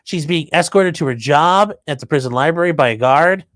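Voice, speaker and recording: A man's voice: a little high, a little fast, a bit bright, dry recording. A man hosting a casual live stream, reading viewer comments and riffing on news with crude, offhand jokes. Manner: offhand, crude jokey asides. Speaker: livestream host reading chat.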